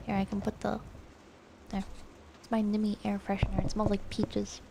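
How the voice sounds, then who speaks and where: A woman streamer telling a story in a rambling, animated way with casual swearing. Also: medium pitch, normal speed, vocal fry, very noisy.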